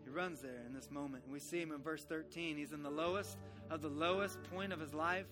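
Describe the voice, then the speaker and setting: A man's voice: a little high, fairly even intonation, a little fast, over music. A man preaching a sermon, telling a Bible story animatedly and voicing its characters.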